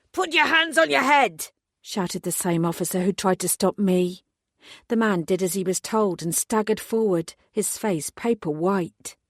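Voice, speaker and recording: A woman narrating a first-person paranormal audiobook in a measured, steady storytelling voice. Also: lowish voice, no echo, clean studio sound.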